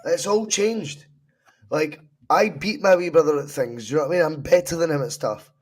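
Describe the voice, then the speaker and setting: A man's voice: on the high side, moderate pace. A Scottish man co-hosting a football podcast, mock-despairing and swearing in casual chat. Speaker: podcast co-host.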